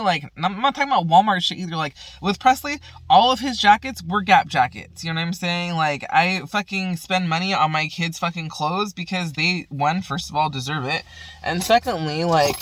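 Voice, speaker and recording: A woman's voice: deep voice, brisk, fairly bright tone, dry recording. A woman vlogger in a casual, profanity-heavy rant, talking frustratedly while smoking at home.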